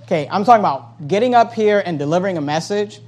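A man preaching a sermon from the pulpit, reading scripture aloud and then paraphrasing it with a sarcastic, animated delivery. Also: sits high, quick pace. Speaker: pastor.

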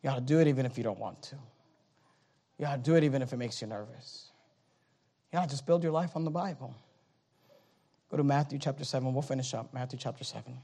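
A man preaching a sermon as pastor in a church, swinging from low, quiet talk to high, loud exhortation, with repeated phrases and stammering restarts. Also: quick pace, pauses often.

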